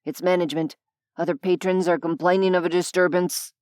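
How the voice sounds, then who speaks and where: Woman narrator doing a low, clipped hotel manager, all business; dry booth sound. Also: steady tone, brisk, darkish tone, clean tone, no echo, close to an everyday voice. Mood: officious. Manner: formal, clipped, officious.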